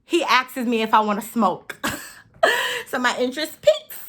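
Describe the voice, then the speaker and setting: A young woman, telling a story in a casual, profane, animated way while doing her makeup. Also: fairly high pitch, unhurried. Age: 20s. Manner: animated, profane, laughs often, acts out her own quotes. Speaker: beauty vlogger.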